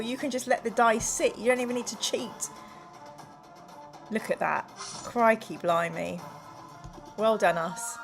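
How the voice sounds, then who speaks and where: A woman hosting a live stream, reading a gamebook aloud to her chat in a playful, exclamatory way. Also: fairly high pitch.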